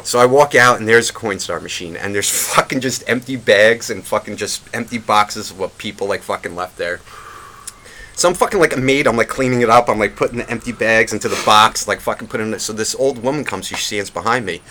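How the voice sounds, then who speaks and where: A man's voice: lowish voice, brisk. A man co-hosting a podcast, telling a rambling story full of swearing. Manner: profane, rambling, animated retelling. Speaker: podcast co-host. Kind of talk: casual storytelling.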